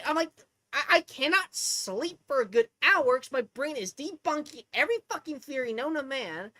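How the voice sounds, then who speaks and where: A woman's voice: high voice, moderate pace, no room sound. A woman streamer telling rambling, profane stories in a casual rant. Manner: profane, rambling, animated storytelling. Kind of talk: casual ranting chat.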